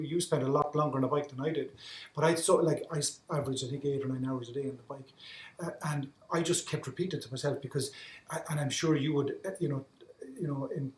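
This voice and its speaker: An Irish man telling his story as a podcast guest, earnest, often repeating words as he restarts his sentences. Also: on the high side. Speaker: guest, endurance athlete. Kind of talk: reflective storytelling in conversation. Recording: roomy echo.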